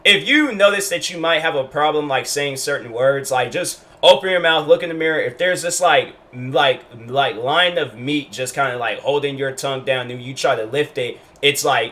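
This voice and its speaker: A man's voice: mid-range voice, pushed and bright. A young man from Washington State casually telling a personal story in a rambling storytime vlog, full of fillers and restarts. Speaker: YouTuber.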